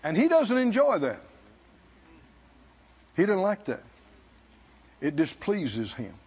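A male preacher delivering a sermon in a high voice, speaking slowly and deliberately. His delivery is emphatic, with bursts of shouting and calls to the congregation. The recording sounds dull and lo-fi. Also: wildly swooping pitch, slightly rough. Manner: emphatic, shouting at peaks, laughing, call-and-response.

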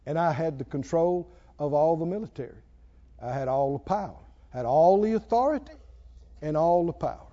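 A man preaching a sermon in a playful, chuckling way that builds to shouted calls to the congregation. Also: on the high side, lively intonation, normal speed, lo-fi sound.

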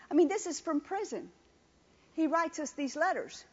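A woman's voice: sits high, expressive, moderate pace. A woman preaching a sermon with emphatic repetition, calling on the congregation to answer. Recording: dull lo-fi recording.

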